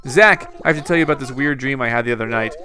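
A man's voice: mid-range voice, very fast, pushed and bright, soft background music, close to an everyday voice. A man voicing a friendly, chatty bird villager in a video game. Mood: cheerful. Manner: chatty and cheerful.

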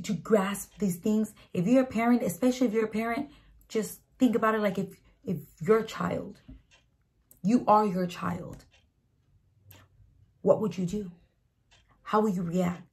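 A woman's voice: mid-range voice, darkish tone. A woman speaking casually to a camera about faith, in a slangy and emphatic way that repeats key lines. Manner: conversational, slangy, emphatic repetition. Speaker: Christian video speaker. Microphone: camera mic.

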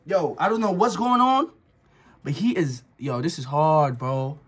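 Fairly high-pitched and slightly rough, this young man speaks unhurriedly in a casual vlog. Nervous and jittery, he repeatedly claims he's not scared while yelping now and then.

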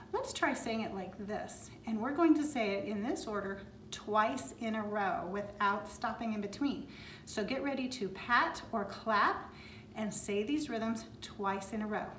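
A woman leading a children's music lesson, chanting animal words in rhythm and cheering the kids on. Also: mid-range voice. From Florida. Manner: encouraging, sing-song rhythmic chanting. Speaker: music teacher. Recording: echoey room with clear background noise.

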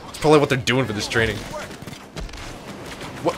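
A man's voice: medium pitch, a little fast. A young man streaming a video game, joking and swearing as he riffs on it, with game music behind him. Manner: joking, swearing, riffing on the game in silly quoted voices. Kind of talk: gameplay commentary.

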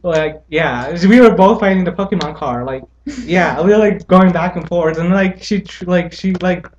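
A woman's voice: lowish voice, a little mellow, muffled recording. A teenage girl guest chatting casually, rambling and filling her sentences with "like". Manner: rambling, fills every pause with "like". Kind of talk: casual chat. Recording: noisy background.

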